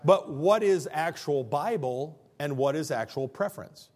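Pastor, middle-aged man, lively call-and-response sermon, high voice. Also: a little slow. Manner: animated, call-and-response preaching.

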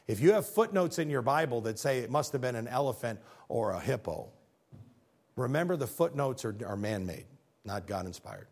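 A man giving an animated faith talk over slides, asking rhetorical questions and pressing his points with emphasis, now and then stumbling over his words. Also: medium pitch, brisk, husky. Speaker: speaker presenting slides.

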